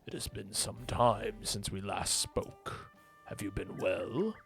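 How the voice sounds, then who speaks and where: Man doing a wise old tree spirit from a game, low and slow, gravelly. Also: fairly bright tone, faint music behind, exaggerated voice. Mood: solemn. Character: ancient wise male tree spirit, groggy. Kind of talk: reading game dialogue aloud.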